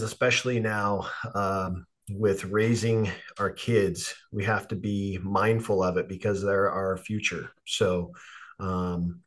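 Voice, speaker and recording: A man hosting a fatherhood podcast, talking in a relaxed, rambling way with lots of fillers. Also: low voice. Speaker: podcast host. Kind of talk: casual podcast interview.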